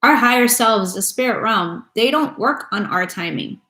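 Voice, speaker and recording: A woman's voice: fairly high pitch, expressive, moderate pace, pushed and bright. A woman giving a casual tarot reading to her viewers, talking bluntly and with a lot of swearing. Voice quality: blunt and profane. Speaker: tarot reader. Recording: echoey room with faint music.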